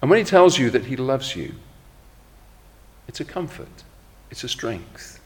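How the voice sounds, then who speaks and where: A middle-aged man preaching a sermon in a measured, reflective way, slowing down when he quotes scripture. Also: mid-range voice, sing-song, in a large hall.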